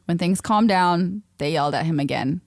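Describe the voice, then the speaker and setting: Low-voiced woman telling a story. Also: moderate pace, gravelly, darkish tone, no echo, studio quality. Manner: laughs often, playful asides. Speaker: podcast co-host. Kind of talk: casual storytelling chat.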